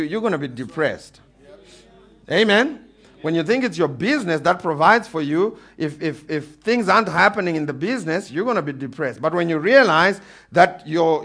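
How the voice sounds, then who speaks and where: A pastor with a high voice preaches animatedly to his congregation, calling out for amens and building toward emphatic peaks.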